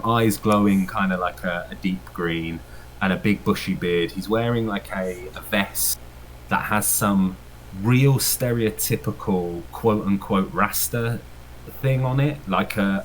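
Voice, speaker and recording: A man with a very deep voice runs a tabletop game as game master. He rambles casually, full of fillers, and laughs often as he describes the scene. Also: slight background noise, poor audio.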